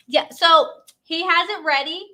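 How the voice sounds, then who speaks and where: Chatty bright-voiced woman. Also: extremely high pitch, measured pace. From Louisiana. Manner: chatty, rambling, laughs often. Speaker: live stream host. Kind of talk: casual live stream chat.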